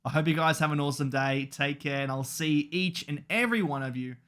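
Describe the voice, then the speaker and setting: A young man hosting a reaction video, talking excitably, swearing and swinging between shouting and calm. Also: on the high side, brisk. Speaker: anime reaction channel host.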